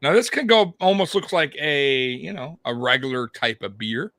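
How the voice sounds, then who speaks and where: A man's voice: on the high side, lively intonation, moderate pace, a bit bright, no echo. A man co-hosting a podcast, giving casual live fight commentary in a chatty, rambling way, often repeating himself and laughing. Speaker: podcast co-host.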